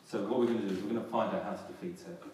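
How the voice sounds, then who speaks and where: A man's voice: on the low side, very fast, dark tone. A male pastor preaching a sermon in a large church hall, earnestly restarting and repeating phrases and rising for emphasis. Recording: echoey hall from far off, faint noise.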